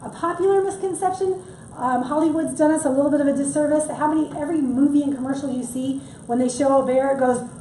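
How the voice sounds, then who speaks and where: A woman's voice: high-pitched, quick pace, mellow, a little hiss or hum. A middle-aged woman giving a chatty public workshop talk on wildlife, with joking asides. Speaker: wildlife presenter. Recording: echoey room, mic from far off.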